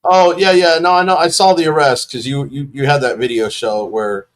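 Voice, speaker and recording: A man's voice: medium pitch, fairly even intonation, moderate pace. A man hosting a casual live stream, bantering with guests and cracking crude jokes. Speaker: host.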